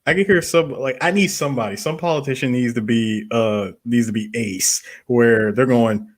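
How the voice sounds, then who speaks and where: A man co-hosting a podcast in casual chat, excitable and profane as he riffs with his friends. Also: mid-range voice, moderate pace. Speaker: podcast co-host.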